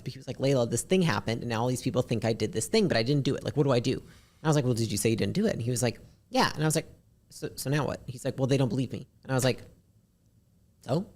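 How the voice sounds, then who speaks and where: A woman with a deep, raspy voice, a podcast guest talking bluntly and candidly, swearing casually. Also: darkish tone. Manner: blunt, swears casually, talks fast in bursts.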